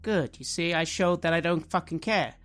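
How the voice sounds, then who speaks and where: A man's voice: on the high side, normal speed, a bit bright, close to an everyday voice. A man playing a brash, hot-tempered young party guy in a tabletop game, swearing and blustering. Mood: defiant. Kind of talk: in-character tabletop role-play.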